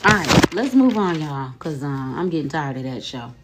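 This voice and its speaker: A chatty woman with a low-pitched, sing-song voice speaks at a moderate pace over heavy background noise. Hosting casual commentary on social media drama, she retells online drama while laughing and repeating "okay?" and "y'all".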